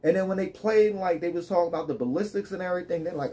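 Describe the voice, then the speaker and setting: A man's voice: high voice, fast, hardly any pauses, mellow. A man live streaming, ranting in loose, joking street slang with plenty of swearing. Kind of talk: casual profane rant.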